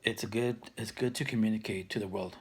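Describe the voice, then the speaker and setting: A man's voice: on the low side, fairly even intonation, fairly quick, gravelly, slightly rough. A man in his thirties talking to camera for his own video channel, rambling with many restarts and fillers. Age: 30s. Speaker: vlogger. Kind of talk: casual talk to camera.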